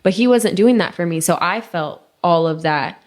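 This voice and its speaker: Young woman with a lower voice, telling a raw personal story on a podcast; halting, emotional, quiet at the hard parts. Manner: emotional, halting, soft and hushed at painful moments. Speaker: podcast co-host.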